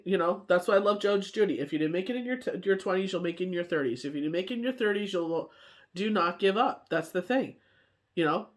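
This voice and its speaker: A woman gives a casual daily tarot reading in a loose, rambling way, dropping "you know" and "like" into nearly every sentence. She laughs easily as she talks. Her voice sounds tired, as though she is worn out from coughing. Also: medium pitch. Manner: laughs often while telling stories. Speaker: tarot card reader.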